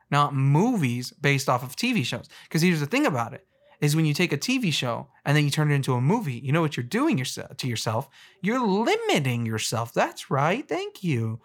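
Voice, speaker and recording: A man ranting in a casual, comedic way, rambling and excitable with frequent stumbles and restarts. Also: fairly high pitch.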